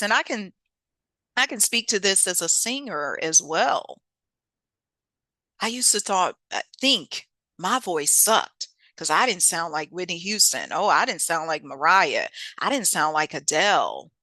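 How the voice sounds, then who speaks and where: Lively, bright-voiced woman giving a pep talk. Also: a little slow, dry recording. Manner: emphatic, folksy, laughs often, repeats key phrases; sudden swoops up in pitch for emphasis. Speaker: podcast host and author; singer and teacher. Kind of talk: motivational monologue.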